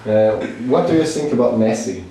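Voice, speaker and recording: A man whose first language is German, interviewing and asking questions in a halting way with many hesitations. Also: mid-range voice, animated, background noise. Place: old cinema venue. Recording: echoey room from a distant mic.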